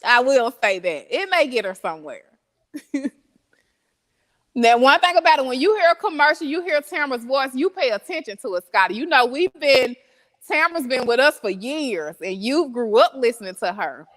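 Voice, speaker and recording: A woman as an interview guest, chatting casually, laughing often and answering slowly with fillers. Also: sits high, lively intonation, a bit bright. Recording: long reverb.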